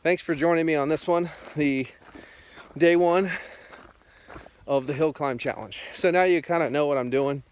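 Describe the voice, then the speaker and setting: A man's voice: a little high, normal speed, long pauses, slight background noise. Casual male vlogger, breathless, rambling and jokey, handheld camera outdoors. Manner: rambling, joking, chatty. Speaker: beer vlogger. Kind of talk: casual walking vlog. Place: outdoors on a country road.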